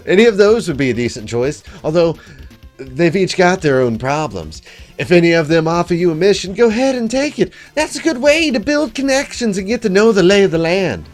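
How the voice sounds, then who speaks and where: A folksy fishman captain with a sweet Southern twang, voiced by a man in a game playthrough. He talks in an easygoing, chatty way, pitched up with a lively, swinging delivery. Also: moderate pace, soft background music. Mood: advising. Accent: American Southern (put on). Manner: easygoing, chatty advice-giving.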